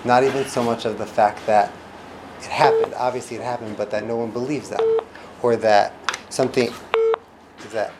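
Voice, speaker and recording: A man giving an informal lesson on listening and calming people, acting out quoted reactions and often restarting his sentences. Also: moderate pace, pauses often. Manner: animated, acts out quoted reactions with big pitch jumps; frequent restarts and trailing phrases. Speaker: instructor teaching parenting and communication skills. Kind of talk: informal teaching talk. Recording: noticeable background noise.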